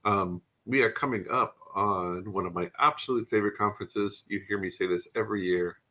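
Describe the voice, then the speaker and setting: A man hosts a casual tech livestream, his voice bright and forward with a husky edge that sits a little low. He talks with real enthusiasm and drifts into rambling asides. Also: a little fast, low-quality recording. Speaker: show host.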